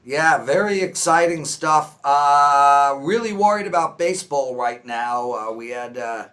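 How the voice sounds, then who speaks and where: A man hosting a casual sports betting show over a video call, loud and teasing with his co-hosts. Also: on the high side, animated, a little slow. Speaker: host.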